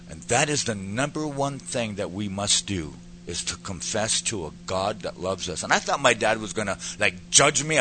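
A man's voice: fairly low pitch, noisy background. A man giving an earnest personal testimony that turns into preaching, building to emphatic peaks as he speaks to a pastor.

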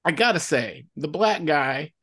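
A man's voice: fairly high pitch, animated, a little slow, a bit bright. A man hosting a casual film-review podcast, laughing often and acting out quotes from the movie. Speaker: podcast host.

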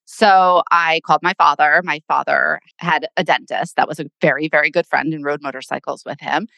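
A middle-aged woman co-hosting a podcast, telling a story in an animated way and acting out what people said. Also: low-pitched, normal speed, vocal fry, no room sound. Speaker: podcast co-host. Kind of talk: casual chat.

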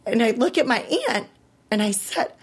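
A woman in her thirties, an interview guest telling her story in an animated way, acting out what people said and rising high when she relives the worst moments. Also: moderate pace, background noise. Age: 30s. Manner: animated, acts out quoted voices, rises high when reliving distress. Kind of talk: emotional personal storytelling.

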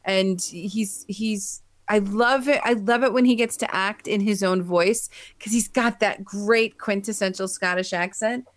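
A woman co-hosting a podcast, chatting in a gushing, animated way. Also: mid-range voice, unhurried, hardly any pauses, dry recording. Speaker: podcast co-host. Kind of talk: casual chat.

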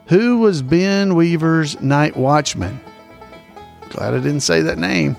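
A man's voice: on the high side, animated, slow pace, vocal fry, soft background music. A man hosting a casual trivia podcast, repeating each question in a folksy, chuckling way. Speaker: trivia host.

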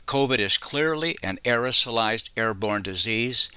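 Man, sarcastic commentator, very bright tone, dry close sound, lowish voice. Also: lively intonation, normal speed, smooth, no echo. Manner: sarcastic, mocking asides. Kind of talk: scripted political commentary.

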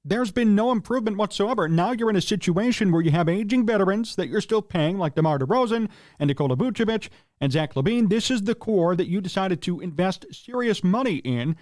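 A man's voice: high-pitched, expressive, a little fast, a little mellow, no room sound, studio quality. A man hosting a solo sports talk show, ranting in an opinionated, exasperated way and asking rhetorical questions. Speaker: sports radio host.

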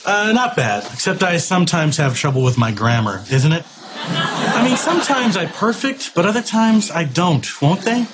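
A man's voice: on the high side, normal speed, over a noisy crowd. An actor playing a cheerful male student who keeps adding wrong tag questions to his sentences, in a comedy sketch clip. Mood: chatty. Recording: comedy sketch clip with steady background noise.

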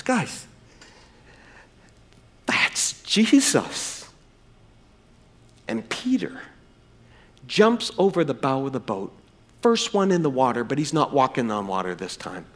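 A man preaching a sermon in church, swinging from loud emphasis to hushed, drawn-out words and acting out quoted dialogue in a raised voice. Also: medium pitch. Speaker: pastor.

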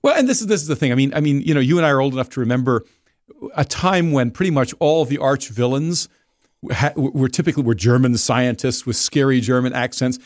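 A man's voice: mid-range voice, quick pace, darkish tone, no room sound, clean studio sound. A man speaking as a guest editor in a casual discussion, digressive and often repeating words as he restarts.

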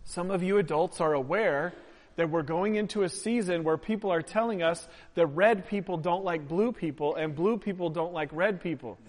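Playful high-voiced preacher in echoey hall. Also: male voice, normal speed. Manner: playful, joking with the congregation. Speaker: pastor. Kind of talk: sermon with audience participation. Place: church sanctuary.

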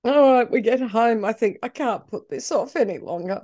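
A woman's voice: a little high, normal speed. Chatty woman telling a story. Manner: chatty, digressive and expressive, acting out her own reactions. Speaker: podcast host telling a personal story. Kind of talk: casual spoken storytelling.

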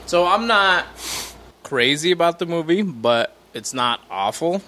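A man co-hosting a podcast, chatting about movies in a relaxed, offhand way. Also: on the high side, unhurried, poor audio. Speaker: podcast co-host. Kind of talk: casual movie review chat.

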